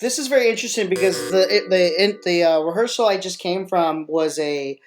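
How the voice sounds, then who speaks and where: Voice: medium pitch, fairly quick, faint music behind. Podcast host, freelance choreographer, casual rambling chat, self-interrupting, jokey. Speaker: freelance marching arts choreographer.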